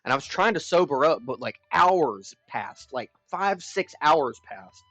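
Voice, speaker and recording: A man's voice: a little high, very animated, unhurried, fairly bright tone, dry recording, soft background music. A young man live streaming, telling a long personal story in a rambling, profane, frank way. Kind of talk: casual storytelling chat. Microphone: streaming mic. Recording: dull lo-fi stream audio.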